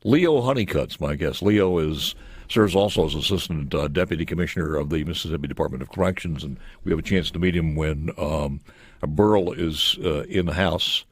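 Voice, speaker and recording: Radio host guy, really deep voice, dry close mic, easygoing questions. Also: normal speed, slightly rough, dry recording. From United States. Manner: conversational, prompting with short questions. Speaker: radio talk show host. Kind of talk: radio interview.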